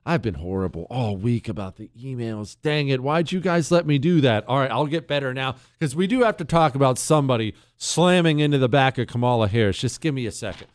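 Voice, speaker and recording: This radio talk show host, a brash and sarcastic man, reads ads and listener mail and laughs along during his monologue. His mid-range voice is expressive and a little fast, with few pauses. The studio mic gives a clean, dry studio sound.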